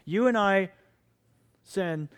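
A man's voice: high-pitched, drawn-out words, clean tone. A middle-aged man preaching a sermon as pastor, impassioned and pleading with his listeners.

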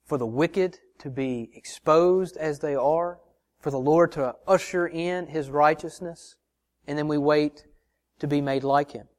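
Higher-voiced man preaching a sermon. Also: measured pace. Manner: earnest preaching with repeated rhetorical questions to the congregation; addresses listeners as brothers and sisters. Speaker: pastor.

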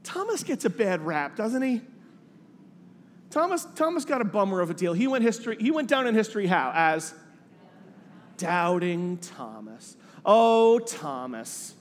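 High-voiced preacher in a reverberant hall. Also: male voice, unhurried. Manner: animated, conversational preaching with reflective scripture reading. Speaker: pastor. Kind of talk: sermon.

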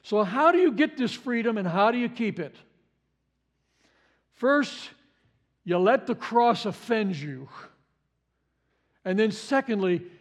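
A man preaching a sermon, stressing and repeating key phrases for effect. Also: very high voice. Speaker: pastor.

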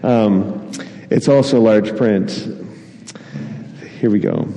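A man's voice: on the low side, slow pace, dark tone, dull audio. A man preaching a sermon in a church hall, telling stories with a self-deprecating manner and frequent chuckles. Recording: long hall reverb.

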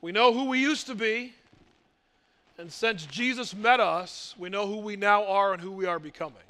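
Guy preaching a sermon, really high voice, punchy rhetorical questions. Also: normal speed, pushed and bright. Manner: emphatic, rhetorical questions, mock voices for doubters. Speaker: pastor.

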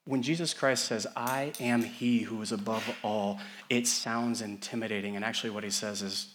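Young guy pastor preaching, gets loud and high then drops real soft, really fired up, man. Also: steady tone, normal speed, hardly any pauses, a little hiss or hum. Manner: impassioned, swinging from loud calls to hushed tender passages. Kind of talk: sermon.

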